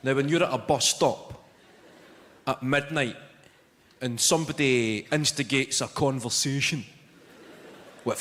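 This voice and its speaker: A Scottish man with a Glaswegian accent performing a stand-up comedy routine, telling a story in a deadpan way with crude swearing. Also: mid-range voice, unhurried, pauses often, a little hiss or hum. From Scotland. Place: large live venue. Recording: echoey hall with loud ambience. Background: audience laughter.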